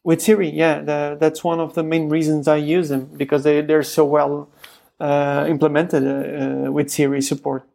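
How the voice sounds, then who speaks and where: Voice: medium pitch, level tone, normal speed, gravelly, mellow. Hesitant thirty-something podcast co-host. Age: 30s. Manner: hesitant, repeats words while thinking. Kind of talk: casual tech chat.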